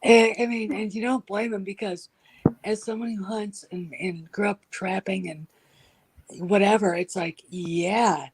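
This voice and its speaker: A woman with a husky voice chatting casually, telling animated stories and acting out what people said. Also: mid-range voice, unhurried, low-quality recording. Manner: animated storyteller, acts out quotes. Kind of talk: casual chat.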